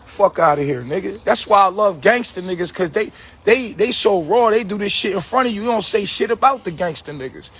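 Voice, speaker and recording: A man's voice: high-pitched, animated, a little fast, fairly bright tone, breathy edge. A man hosting a livestream, delivering a profane, aggressive, preachy rant full of repetition. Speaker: livestream host.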